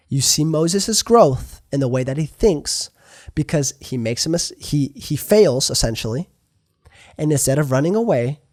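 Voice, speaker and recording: A young man preaching a sermon in a lively, conversational way, asking his listeners questions. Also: medium pitch, no echo, clean studio sound.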